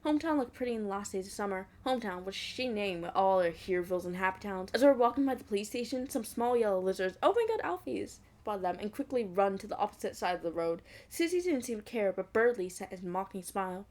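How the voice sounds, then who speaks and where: A woman's voice: medium pitch, lively intonation, fast, hardly any pauses, a little mellow. A young woman reading a fan fiction aloud, breaking off into giggly, mocking asides. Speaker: fanfic reader.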